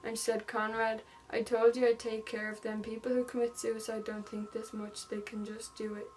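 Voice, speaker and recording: A woman's voice: on the high side, flat delivery, moderate pace, a little mellow, a little hiss or hum, rough recording. A young woman vlogger casually retelling a true-crime story, reading text messages aloud with lots of "like" fillers.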